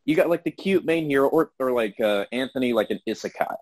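A man hosting a podcast in casual chat, animated and steering the talk toward each guest. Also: medium pitch, fast, over a noisy crowd, low-quality recording. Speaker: podcast host.

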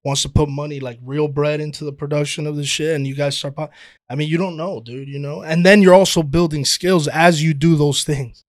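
A man's voice: fairly high pitch, a little fast, no room sound. Laid-back man telling stories in dry sound. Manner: animated storytelling, swears freely, says "dude" often. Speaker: guest, actor and playwright. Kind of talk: casual podcast chat.

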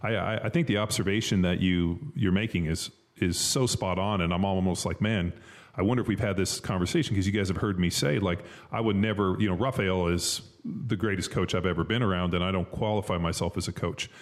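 A man's voice: low-pitched, fairly quick. A man, a former football player, co-hosting a podcast in casual, profane chat full of fillers. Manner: loose and profane, lots of fillers. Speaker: podcast co-host.

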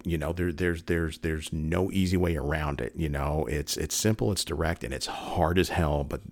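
A man's voice: extremely low pitch, moderate pace, gravelly, few pauses. A man giving a casual spoken review, rambling and repeating himself with lots of fillers, and acting out quoted lines now and then. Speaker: show reviewer.

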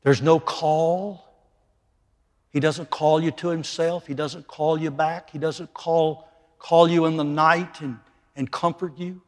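A man's voice: a little high, fairly even intonation, slow. Man preaching in a reverberant hall. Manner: emphatic preaching, swings from loud to quiet. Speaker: pastor. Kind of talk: sermon. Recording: long reverb of a large hall.

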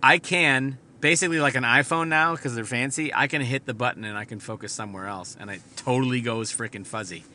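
A man's voice: mid-range voice, fairly quick, hardly any pauses, pushed and bright. A man hosting a podcast, telling a rambling, profane story from inside his car. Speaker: podcast host. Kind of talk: casual storytelling monologue.

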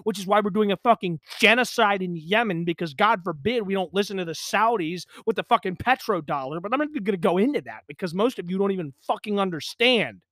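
A man's voice: sits high, expressive, fast, hardly any pauses, bright, forceful tone, no room sound, clean studio sound. A young man hosting a solo podcast, ranting angrily and swearing constantly, recorded in a pump house out in the countryside. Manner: profane, agitated ranting. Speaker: podcast host.

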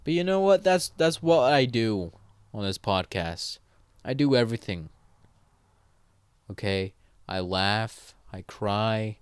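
A man's voice: fairly low pitch, slow, long pauses, smooth, no room sound. A man hosting a solo podcast, rambling casually with swearing and self-corrections, having just woken up. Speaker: podcast host.

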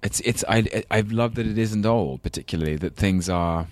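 A man in his thirties with a London accent talks loosely as an interview guest, drifting between thoughts and laughing at his own stories. His voice sits very low. The sound is close and dry. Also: normal speed, no echo. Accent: London English. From England. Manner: rambling, self-deprecating, laughs often. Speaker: actor guest. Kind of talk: casual interview chat.

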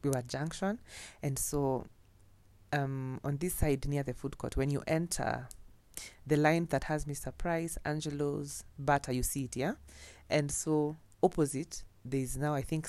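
Gravelly-voiced Kenyan woman telling stories. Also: deep voice, steady tone, a little slow, dark tone, no room sound. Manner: chatty, mixing in Swahili phrases, laughing often. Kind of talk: casual storytelling.

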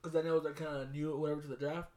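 A man co-hosting a casual sports podcast, telling stories with a lot of swearing and loud bursts when he gets excited. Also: a little high, very fast, a crowd in the background. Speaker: podcast co-host.

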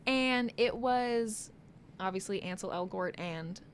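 A young woman in easy, chatty conversation, giggling often and leaning on filler likes. Her voice sits at an ordinary middle pitch. A faint low rumble hums under the recording. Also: slow pace. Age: young adult. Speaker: podcast co-host. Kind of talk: casual chat.

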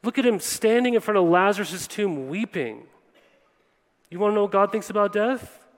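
High-voiced pastor preaching in a big hall. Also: male voice, expressive, moderate pace. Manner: conversational, often acting out quoted people. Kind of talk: sermon. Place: church hall before a congregation. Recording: long reverb of a large hall.

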